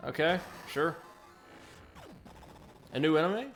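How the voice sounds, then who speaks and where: A man's voice: medium pitch, normal speed. Male let's play host, casual and self-correcting, medium voice, light music bed. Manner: chatty, self-correcting, excitable. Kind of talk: casual gameplay commentary with chat reading.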